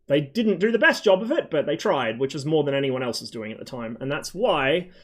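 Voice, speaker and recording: A man's voice: fairly high pitch, lively intonation, a little fast, fairly bright tone. A man streaming a flight game, chatting in a loose, rambling way with frequent swearing and plenty of ums. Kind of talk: casual rambling stream chat.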